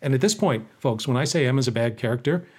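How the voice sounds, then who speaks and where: A man in a relaxed podcast chat with a middle-pitched voice. He talks in an animated way and is quick to riff and joke. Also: slightly rough. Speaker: podcast co-host. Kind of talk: casual chat.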